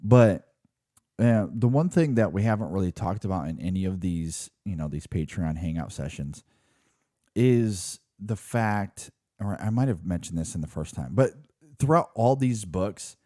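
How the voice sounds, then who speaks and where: A man's voice: low-pitched, lively intonation, unhurried, warm tone, no echo, studio quality. A man co-hosting a film podcast, talking casually and rambling through his thoughts with frequent restarts and fillers. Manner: rambling, restarts often, says "like" and "you know". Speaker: podcast co-host.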